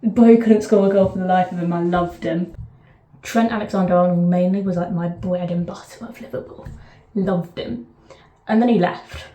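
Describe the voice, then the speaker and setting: A woman's voice: fairly low pitch, steady tone, moderate pace, mellow, roomy sound. A woman vlogger chatting casually to camera, rambling with frequent fillers and self-corrections.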